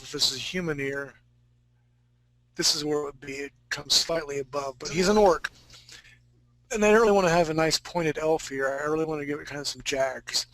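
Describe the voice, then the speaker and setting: A man's voice: on the high side, a bit bright, no room sound, poor audio. A man teaching a live fantasy-art drawing class, talking casually and joking with his students. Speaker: art instructor.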